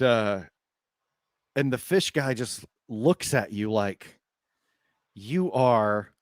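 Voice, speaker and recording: Male game master, slow and expressive delivery, laughs a lot, dry close mic. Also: medium pitch, vocal fry, dry recording. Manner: laughs often, unhurried narration with fillers. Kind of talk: narrating a tabletop game.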